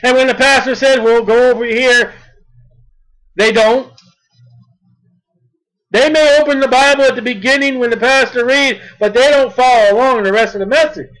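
A man preaching a sermon, reading scripture slowly and then speaking emphatically. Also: very high voice, fairly even intonation, fairly bright tone, low-quality recording.

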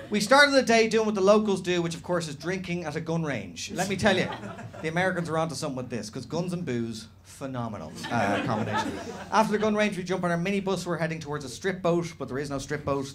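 A man doing animated stand-up storytelling on a comedy club stage, slipping into other people's voices. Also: a little high, background noise. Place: comedy club stage before a live audience. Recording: live room with audience laughter.

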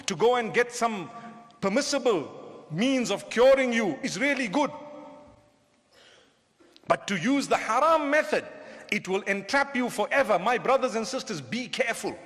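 High-voiced male preacher in a reverberant hall. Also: normal speed, pauses often. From southern Africa. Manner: animated, humorous, talks directly to the crowd. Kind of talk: lecture to a live audience.

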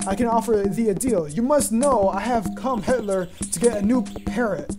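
A man's voice: sits high, moderate pace, music in the background, lightly acted. A man doing a growling, sing-song pirate. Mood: theatrical. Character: boastful male pirate, gruff and theatrical. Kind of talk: reading game dialogue aloud in a voice.

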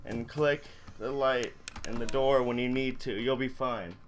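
A man hosting a gaming channel, giving excitable let's-play commentary to his viewers. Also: mid-range voice, unhurried, a little hiss or hum. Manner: excitable, talks to viewers, shouts when winning.

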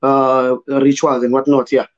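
A man from South Africa with a hoarse voice, talking loosely about his writing as a guest in an online panel, full of fillers like "you know" and "man". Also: mid-range voice, level tone, a little slow, highs cut off. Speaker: guest poet. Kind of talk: casual conversation in a virtual panel.

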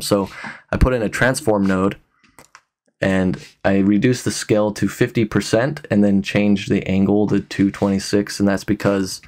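A man from Utah talking through a casual software tutorial, relaxed and a bit tired, with lots of ums and restarts. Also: lowish voice. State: tired, yawning. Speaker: tutorial host.

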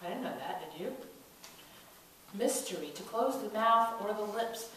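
A woman's voice: medium pitch, animated, normal speed, a bit bright, slight background noise. A woman pastor giving a sermon, telling stories and acting out the quoted voices as she builds to emphatic calls. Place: church sanctuary. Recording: echoey church from a distant mic.

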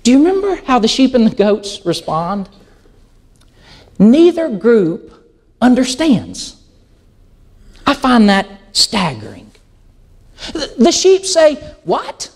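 A middle-aged male pastor delivers a sermon with a high, lively voice that swings widely in pitch. He tells everyday stories and acts out the quoted dialogue. His delivery is animated and conversational. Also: slow pace, long pauses.

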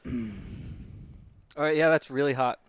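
A man's voice: fairly high pitch, fairly even intonation, measured pace, smooth, dry recording. Laid-back wry man, dry sound. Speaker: co-host of hot sauce challenge. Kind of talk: casual chat.

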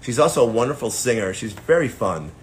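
Playful Long Island man with faint rumble. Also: lively intonation, fairly quick. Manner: playful, jokey, breaks into bits and songs. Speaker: voice actor hosting a live autograph stream. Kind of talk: casual live-stream chat.

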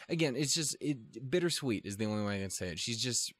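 A man's voice: mid-range voice, animated, fast talker. A man hosting an anime reaction video, rambling casually in a profane, self-deprecating and easily flustered way.

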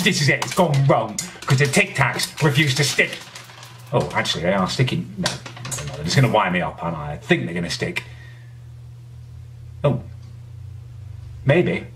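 An indignant man rants straight to camera in a comedic vlog. His voice is bright and forceful, and his pitch swings widely as he works himself up. He peppers his complaints with mild swearing. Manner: indignant, ranting, swears often. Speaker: vlogger host.

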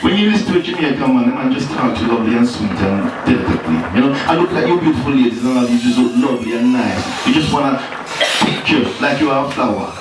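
A man performing a stand-up comedy set in a lounge bar, talking in an animated, playful way. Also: mid-range voice, quick pace, music in the background. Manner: animated, playful, slips into exaggerated Jamaican-style lines. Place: lounge bar with live audience. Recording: echoey bar room, far mic, noisy.

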